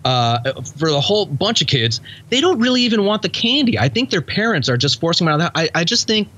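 A man's voice: high voice, big pitch swings, quick pace, bright, forceful tone. A man telling a ranting, exasperated story in casual chat.

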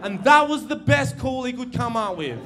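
A young man doing crude, animated stand-up storytelling on stage, acting out voices. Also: very high voice, moderate pace, soft background music, a faint crowd. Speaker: stand-up comedian. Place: live comedy venue with audience. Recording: noisy live room recording.

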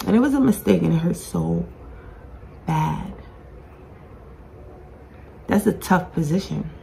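A woman's voice: lowish voice, expressive, slow, vocal fry, pauses often, warm tone, slight background noise. A woman hosting her own podcast, speaking to camera in a blunt, emotional monologue, grieving and close to tears, swearing and repeating herself. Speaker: podcast host. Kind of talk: emotional personal vlog monologue. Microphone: talking to her own camera.

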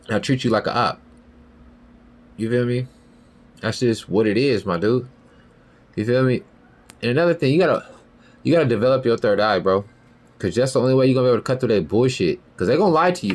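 A man in the middle of a ranting podcast monologue, his pitch leaping around in lively swings. He talks heated and profane, jumping up into loud high outbursts and then dropping low and muttering. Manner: heated, profane, repeats "you feel me" and "bro". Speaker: podcast host.

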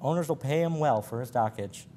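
A man voicing a sly, weary old ship skipper who shouts and drawls. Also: medium pitch, slight background noise, close to an everyday voice. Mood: musing. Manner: shouting, drawn-out.

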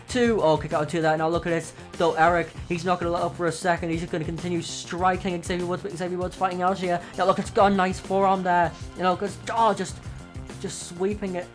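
A man, hoarse, calling wrestling matches from a video game in excited play-by-play, full of oaths and sudden exclamations. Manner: exclamatory, frequent oaths and gasps, swings loud and high. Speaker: play-by-play commentator for his own wrestling game.

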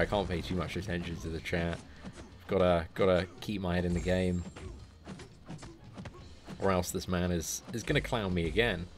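A man giving live commentary on a mobile game to his viewers, chatting with chat and breaking into sweary, frustrated outbursts. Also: low-pitched. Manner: chats to his viewers between fights.

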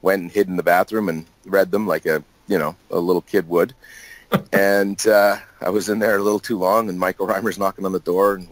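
A man's voice: sits low, flat delivery, moderate pace, dry recording, rough recording. A man being interviewed as a guest actor, telling loose, jokey stories in casual chat with plenty of laughs and restarts.

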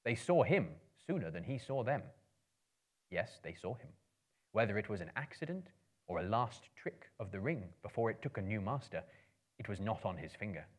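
A man giving a theatrical storybook reading to a live audience, swelling and hushing for suspense. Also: lowish voice, very animated, normal speed. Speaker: performer of dramatic readings. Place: live performance venue.

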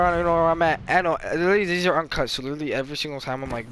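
A young man rambling through a story while commentating his gameplay, animated and full of trash talk. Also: fairly high pitch, racing, hardly any pauses, slight background noise. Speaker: gaming YouTuber.

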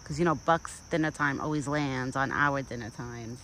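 A woman's voice: rumbling low, normal speed, fairly bright tone, a little hiss or hum, rough recording. Chatty woman vlogging outdoors. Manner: rambling and chatty, with cooing baby talk to a deer. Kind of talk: casual chat. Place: outdoors in a rural yard. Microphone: phone camera.

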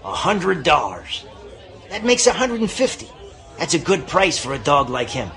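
A man voicing a rough, greedy male dog thief in an audiobook, talking fast in a raised, jeering voice. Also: wildly swooping pitch, pushed and bright, some chatter behind, full character voice. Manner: fast, high-pitched, jeering.

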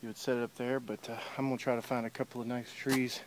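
Walking a wooded riverside path, a man talks quickly and flatly into the handheld camera he's carrying, his voice mid-range. It's a casual vlog of his hike, meandering and stuffed with fillers like uh and um, and he's slightly winded. Underneath, there's faint noise and the sound of the mic being handled.

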